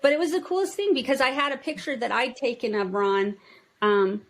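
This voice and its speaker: A woman with a Minnesota accent who owns a toy store tells stories in a casual interview, chatty and animated. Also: high voice, a little fast. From United States. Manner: chatty, acts out quotes in lively voices. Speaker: toy store owner, guest.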